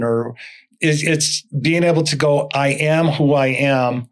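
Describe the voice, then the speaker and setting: Older male guest speaker, slightly high voice, animated storyteller who voices the people in his anecdotes. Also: measured pace, clear, resonant tone. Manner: animated, acts out dialogue in stories. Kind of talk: storytelling interview talk.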